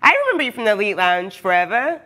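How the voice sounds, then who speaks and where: A woman's voice: mid-range voice, very animated, fast talker, sharp tone. A hyper, chatty woman who often laughs, talking casually with her live viewers from her workshop. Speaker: cosplayer streaming live. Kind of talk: casual livestream chat with viewers.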